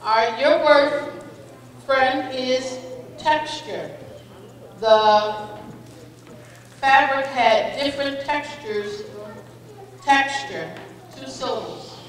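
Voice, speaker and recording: A woman with a high, bright voice announces spelling words at an unhurried pace, spelling out each definition and example sentence carefully. She sounds far from the microphone in a big echoey hall with a long reverb tail and faint background noise. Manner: slow, deliberate, encouraging, calls contestants "friend". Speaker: spelling bee pronouncer. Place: school auditorium.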